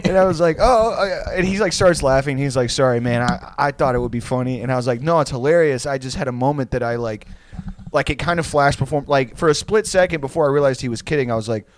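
A man's voice: medium pitch, quick pace, no echo, raised voice. A man in his late twenties telling a rambling, profane story in casual chat and laughing through it. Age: 20s.

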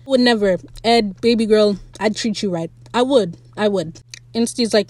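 A woman giving a casual, opinionated recap of a TV episode, animated and swearing freely, speaking straight to the writers. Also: mid-range voice, brisk, no room sound. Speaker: show recap podcaster.

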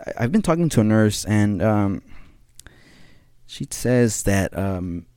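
Young male podcast host, lowish voice, loose slangy ramble, a bit tired, dry close sound. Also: animated, slow pace, warm tone, clean tone, no echo. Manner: slang-heavy, rambling, laughs often. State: a little tired. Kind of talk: casual solo monologue.

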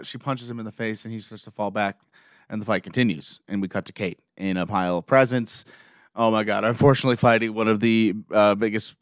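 A man excitedly recapping a show episode scene by scene, gushing like a fan. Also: on the low side, no room sound, studio quality.

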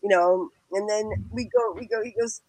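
A woman's voice: big pitch swings, moderate pace, a little mellow, no echo, rough recording. A woman telling a personal story with animation, acting out the people she quotes and laughing as she goes. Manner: acts out quoted people with big pitch jumps, laughs while talking.

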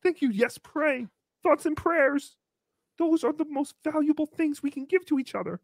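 A man's voice: extremely high pitch, normal speed, no echo, clean studio sound. A man voicing a small, crude, giggly green puppet creature who hosts a comedy stream, reads out donations and talks about himself in the third person. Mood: cheeky. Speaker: puppet host reading donations. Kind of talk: comedy livestream puppet act.

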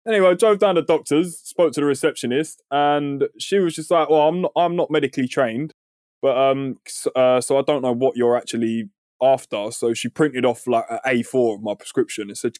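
A man, telling a story on a podcast in a casual, animated way and swearing freely. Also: mid-range voice, fairly quick, no room sound, clean studio sound. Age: 30s. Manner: animated, swears freely, acts out quoted voices. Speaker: podcast co-host.

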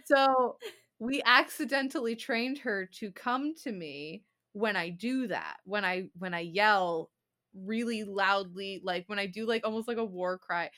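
Bright-voiced, chatty young woman. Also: medium pitch, a little slow. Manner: chatty, giggly, lots of fillers. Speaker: podcast co-host. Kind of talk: casual chat.

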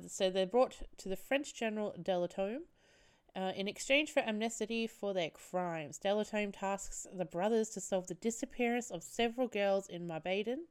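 A young woman recapping a film solo on her podcast, chatty and profane with frequent laughs. Her voice is smooth and clear, at an ordinary middle pitch for a woman. She rambles loosely and goes off on animated tangents. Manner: chatty, sweary, laughs often, animated asides. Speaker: podcast co-host, film reviewer. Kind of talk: casual solo podcast review.

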